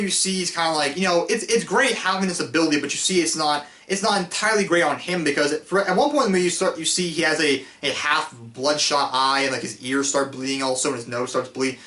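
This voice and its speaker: A man talking through a casual film review, rambling, restarting his sentences and laughing now and then. His voice sits somewhat high. He sounds set back from the mic in a roomy, echoey space. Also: pushed and bright, recorded from a distance. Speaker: host reviewing films.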